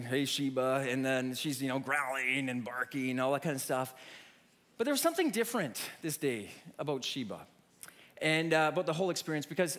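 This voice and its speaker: High-voiced man telling a sermon story. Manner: animated storyteller, many restarts. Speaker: preacher.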